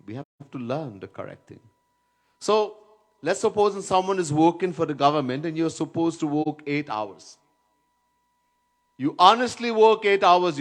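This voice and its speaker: A man's voice: a little high, a bit bright. A man giving a devotional lecture as a swami, telling stories and now and then chanting verses, stressing words by repeating them. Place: Trinidad.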